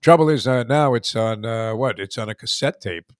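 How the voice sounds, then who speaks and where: A man's voice: mid-range voice, moderate pace, clear, resonant tone, dry recording, clean studio sound. Rambling joking male radio host. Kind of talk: casual radio chat.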